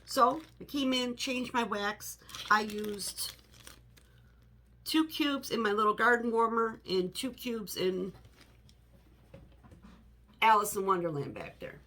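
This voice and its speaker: A woman's voice: fairly high pitch, slow pace, pauses often, sharp tone, slight background noise. A middle-aged woman chatting casually to the camera in her home office, rambling with many "you know" asides. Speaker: home fragrance vlogger.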